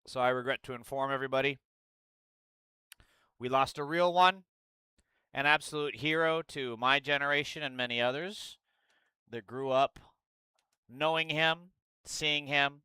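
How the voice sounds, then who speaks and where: A man's voice: medium pitch, steady tone, unhurried, long pauses, sharp tone, clear, resonant tone, no room sound. A male streamer chatting casually and bluntly on a livestream, swearing freely and reacting aloud as he reads news.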